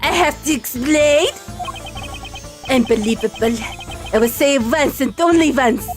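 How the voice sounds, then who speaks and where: A woman's voice: sits high, unhurried. A woman voicing a pompous, impatient wealthy male art dealer with a thick made-up foreign accent, over game music. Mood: haughty.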